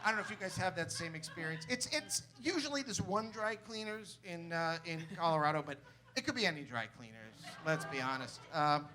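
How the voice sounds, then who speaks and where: A man's voice: on the high side, animated, brisk. A man performing an improvised comic song on a cabaret stage, playful and belting. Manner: playful, belting sung lines. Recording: loud live band behind. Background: live band.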